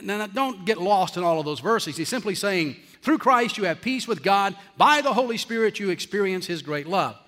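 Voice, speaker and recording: A man preaching a sermon as pastor to his congregation, emphatic and slowing down hard on his key phrases. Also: sits high, lively intonation, a bit bright. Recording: long reverb of a large hall.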